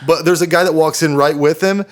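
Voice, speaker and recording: A man's voice: on the high side, fairly even intonation, brisk. A man co-hosting a casual podcast, telling a rambling story with lots of swearing and laughter. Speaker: podcast co-host.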